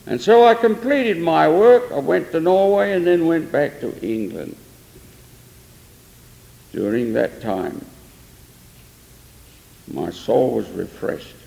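A man's voice: fairly high pitch, animated, slow pace, gravelly, pauses often, dark tone. An older man preacher telling a story in an earnest sermon, with emphatic swells. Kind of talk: sermon testimony. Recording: long echo of a large hall.

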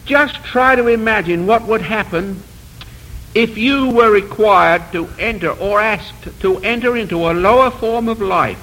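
A man's voice: high-pitched, unhurried, pushed and bright, low-quality recording. A man preaching a sermon in an earnest, rhetorical manner, building emphasis through repeated phrases. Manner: self-deprecating asides.

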